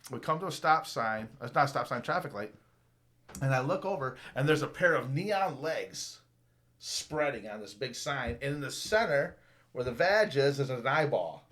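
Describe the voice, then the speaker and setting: A man in his fifties telling a long, rambling, profane story on a podcast, lively when quoting people. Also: medium pitch, normal speed. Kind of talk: casual storytelling.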